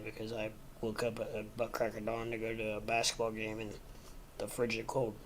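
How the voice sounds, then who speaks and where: A man's voice: on the low side, level tone, a little fast, a little hiss or hum. Rambling man on a livestream. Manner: rambling, lots of ums and uhs. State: sleepy, yawning. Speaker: livestream host. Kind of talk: casual livestream chat. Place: home.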